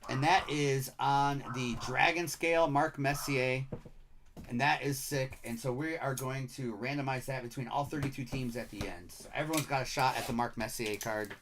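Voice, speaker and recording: A middle-aged man with a Michigan accent hosts a live stream, talking at an ordinary pitch in upbeat, chatty patter. He rattles off player names as he opens packs. A faint hiss sits behind his voice. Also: fairly even intonation, moderate pace. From Michigan, USA. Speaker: card break streamer.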